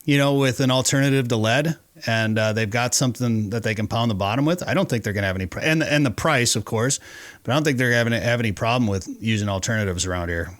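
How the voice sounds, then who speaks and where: A man's voice: mid-range voice, quick pace, a bit bright, no echo. A man hosting a fishing show, talking in a chatty, rambling way as he tells stories. His voice sits in an ordinary middle range, and the recording is dry and close with no room sound. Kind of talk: casual interview chat.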